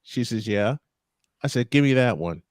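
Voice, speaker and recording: A man's voice: medium pitch, lively intonation, moderate pace, no echo. A man hosting a casual talk show, telling stories with frequent laughs and restarts. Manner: laughing, storytelling, repeats himself. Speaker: show host. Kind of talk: casual podcast chat.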